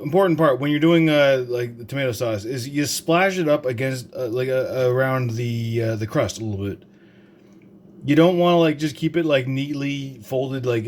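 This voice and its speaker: A man's voice: mid-range voice, a little hiss or hum. A young man from Canada, talking through a home cooking demonstration in a rambling, joking, profane way full of fillers. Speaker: home cook vlogger. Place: home kitchen.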